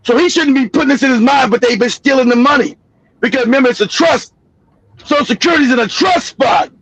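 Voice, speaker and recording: High-voiced middle-aged man ranting. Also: fast, a bit bright, slightly rough, no echo, poor audio. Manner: heated, swearing, laughing at his own jokes. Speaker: livestream commentator. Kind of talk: profane ranting commentary.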